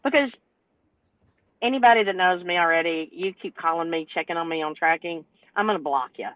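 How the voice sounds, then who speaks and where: Woman in her 60s, animated ranting storyteller, tinny phone-like sound, dry. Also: lowish voice, fairly quick, dry recording. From North Carolina, US. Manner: animated, exasperated storytelling rant. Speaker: truck driver and owner operator, panel guest. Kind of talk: podcast panel discussion.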